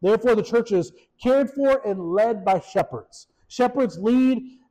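A man, a pastor, giving a casual, animated sermon, often repeating words and asking his listeners questions. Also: high voice, measured pace, low-quality recording. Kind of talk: conversational sermon.

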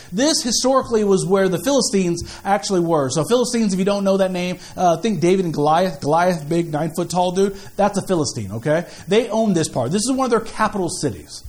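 A man preaches to his congregation in a high, light voice. He talks in an animated, conversational way, restarting phrases and repeating himself as he works through scripture and prayer. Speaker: pastor. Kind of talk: sermon.

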